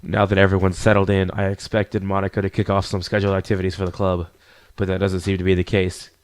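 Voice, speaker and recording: A man reading a visual novel aloud as a let's player, adding quick asides between the narration. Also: sits low, completely flat delivery, a little hiss or hum.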